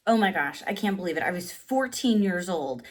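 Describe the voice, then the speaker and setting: A woman in her thirties telling a personal story in casual vlog style, animated and full of "like", acting out quotes with sudden pitch jumps. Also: a little fast. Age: 30s. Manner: animated, heavy use of "like". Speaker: vlogger.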